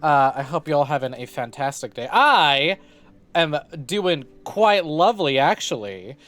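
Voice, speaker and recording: A man's voice: on the high side, sing-song, unhurried, a bit bright. A young man streaming live, greeting his chat over and over and rambling jokily with lots of swearing. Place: home streaming setup.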